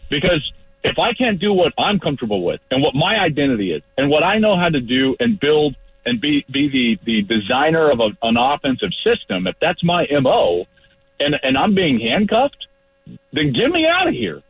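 A man's voice: on the high side, very animated, fairly quick, breathy edge, no echo, low-quality recording. A man calling in to a sports radio show from his car as a football analyst guest, talking in an emphatic, blunt, fired-up way.

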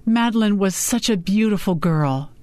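A woman's voice: mid-range voice, expressive, normal speed, warm tone, no echo, pitched above the performer's own voice, natural voice. A woman voicing an eager, outspoken young female lawyer in an audiobook. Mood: earnest. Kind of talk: audiobook character reading.

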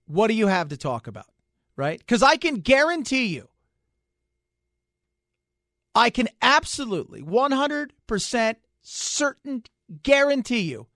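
High-voiced, joking male radio host. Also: no room sound, studio quality. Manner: animated, joking, restarts sentences. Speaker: radio talk show host. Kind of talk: casual talk radio commentary. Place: radio studio. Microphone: studio microphone.

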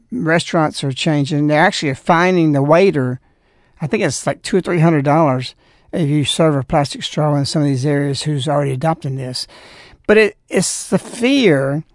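A man's voice: fairly high pitch, no room sound, clean studio sound. A man appearing as a guest on a talk radio show, speaking indignantly and moralizing in long, rambling turns. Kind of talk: opinionated talk radio conversation.

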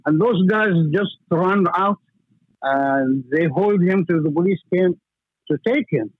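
A man's voice: sits high, a little slow, breathy edge, no echo. A store owner, native speaker of Arabic, tells over the phone how he fought off a robber, chuckling as he speaks in broken English. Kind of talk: phone interview, recounting a story. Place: his shop. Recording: tinny phone line.

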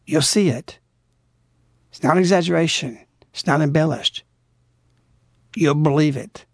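A man with a slightly high voice hosts a religious radio show, preaching urgently at a measured pace and exhorting his listeners, rising to pleading outbursts. The sound is studio quality with no room noise.

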